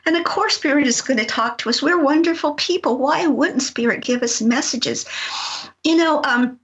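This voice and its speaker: A middle-aged woman from Colorado, a talk-show guest telling a personal story in an animated way, acting out voices as she goes. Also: high voice, normal speed. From Colorado, USA. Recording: dull lo-fi broadcast audio.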